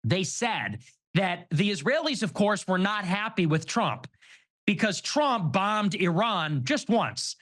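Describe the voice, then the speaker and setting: A man hosts an online talk show in a casual commentary style. His voice sits high and moves around a lot in pitch. He reasons aloud with animated energy. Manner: animated, quick-reasoning delivery. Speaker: show host.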